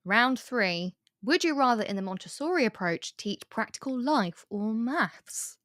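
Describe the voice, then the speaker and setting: A woman's voice: on the high side, lively intonation, a little slow, fairly bright tone, no echo, studio quality. A woman hosting a podcast, teasing and giggling through a quiz game with her guest. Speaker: podcast host. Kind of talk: casual interview chat.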